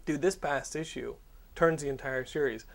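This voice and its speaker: A man's voice: fairly high pitch, moderate pace, vocal fry. A man hosting a podcast in casual, profane, joking chat with friends. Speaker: podcast host.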